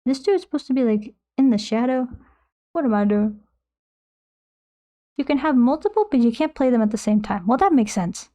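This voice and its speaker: Painting live, a young woman with a fairly high, mellow voice talks into a close desk mic in a loose, animated way at a moderate pace, with long pauses. She reads her chat aloud and answers viewers, rambling and laughing at her own habits in a self-mocking tone.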